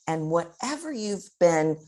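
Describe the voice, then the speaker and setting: A woman voice coach giving expressive, demonstrative advice in an interview. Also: lowish voice, unhurried. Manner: expressive, demonstrates vocal techniques. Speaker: voice coach guest.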